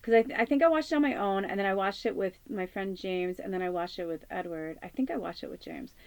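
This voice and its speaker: A woman's voice: mid-range voice, fast talker, no echo. Earnest rambling woman in her forties. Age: 40s. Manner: rambling, earnest, many fillers and restarts. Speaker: spiritual medium hosting a channel. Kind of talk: casual spiritual chat.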